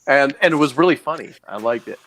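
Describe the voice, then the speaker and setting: A man's voice: medium pitch, fast talker, slight background noise. A man teasing a friend in casual chat on a live stream panel, laughing often. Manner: teasing, laughs a lot, lively.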